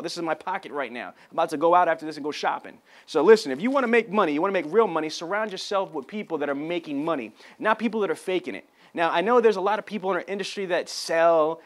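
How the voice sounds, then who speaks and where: A man giving a motivational business talk, loud and emphatic, acting out dialogue as he tells a story. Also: a little high. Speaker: sales trainer.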